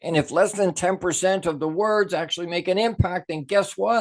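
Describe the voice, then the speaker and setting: A middle-aged man giving an animated talk on communication, stressing words and restarting as he thinks aloud. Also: high-pitched, moderate pace, few pauses. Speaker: speaker on a podcast.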